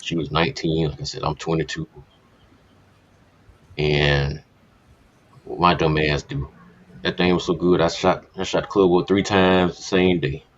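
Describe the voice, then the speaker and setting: A man's voice: extremely low pitch, little pitch movement, measured pace, long pauses. A man casually telling a candid personal story on a podcast, speaking bluntly with plenty of profanity. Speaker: podcast co-host. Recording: dull lo-fi podcast audio.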